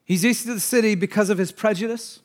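High-voiced man preaching a sermon. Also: fairly even intonation, quick pace. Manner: swings between urgent raised passages and hushed, quiet asides; conversational, with fillers and restarts. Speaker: pastor.

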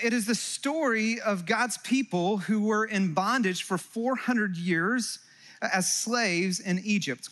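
Bright high-voiced man preaching. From California. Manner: animated and joking, with quick asides to the congregation. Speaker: pastor. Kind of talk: sermon. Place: church hall before a live congregation.

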